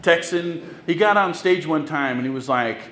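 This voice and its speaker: A man's voice: on the high side, animated, normal speed, a bit bright, roomy sound. A man preaching a sermon as pastor, telling stories in a loose, conversational way with asides to the congregation.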